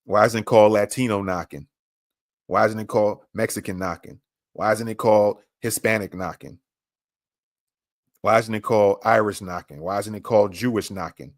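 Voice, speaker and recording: A man's voice: fairly low pitch, fairly even intonation, moderate pace, no echo, studio quality. A man hosting a podcast, commenting on a clip with emphatic, repeated rhetorical questions. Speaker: podcast host.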